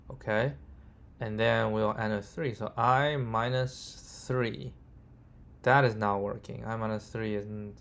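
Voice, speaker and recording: A man thinking aloud as he codes, halting and correcting himself, often checking in with "right?" and "okay?". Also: medium pitch, gravelly. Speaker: coding tutor. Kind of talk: thinking aloud while live coding.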